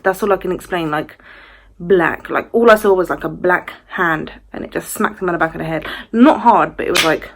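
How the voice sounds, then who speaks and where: A young woman in her twenties shares a ghost story from her own life with her viewers. She talks casually and animatedly, scattering "like" through every sentence. Her voice sits a little low. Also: moderate pace. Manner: chatty, fillers of "like", animated retelling. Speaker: vlogger.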